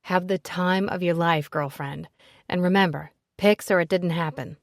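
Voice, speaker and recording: Woman doing a cheeky, low-voiced young man. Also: steady tone, moderate pace, creaky, no echo, clean studio sound. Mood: teasing.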